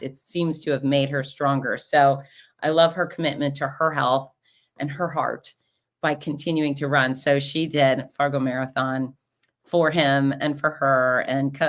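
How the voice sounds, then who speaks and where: Female host with a low voice, chatty and lively, acts out the people in her stories. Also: a little slow. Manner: animated, acts out quoted voices. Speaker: podcast host and race announcer. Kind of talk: casual storytelling recap.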